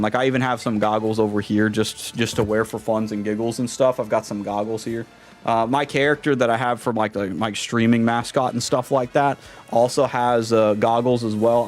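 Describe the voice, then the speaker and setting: A man livestreaming a game, chatting casually in a laid-back, slangy way and greeting viewers. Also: mid-range voice. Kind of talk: casual live-stream chat.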